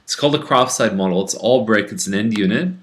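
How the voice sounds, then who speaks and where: A man's voice: fairly low pitch, fast, fairly bright tone, a little hiss or hum. A man who is a real estate agent, chatting casually through a rundown of home listings, with fillers and restarts. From Canada.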